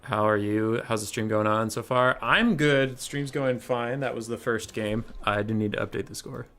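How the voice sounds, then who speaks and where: A man's voice: medium pitch, normal speed, a bit bright. A young man casually commentating his own strategy game stream, chatty and thinking aloud.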